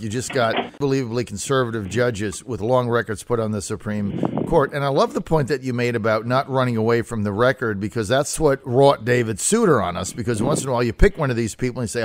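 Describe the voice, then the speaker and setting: A male radio talk show host chatting in an energetic, opinionated way. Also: mid-range voice, fast talker, hardly any pauses, slight background noise.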